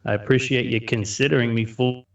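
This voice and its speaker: A man's voice: medium pitch, fairly even intonation, a little fast, gravelly, far from the mic. A man talking as a podcast guest in easygoing, rambling chat, often laughing. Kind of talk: casual chat.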